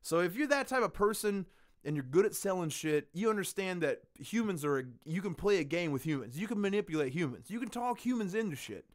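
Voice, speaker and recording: A man's voice: high voice, fairly quick. Profane ranting male podcast host. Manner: profane, ranting, animated storytelling. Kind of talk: casual chat.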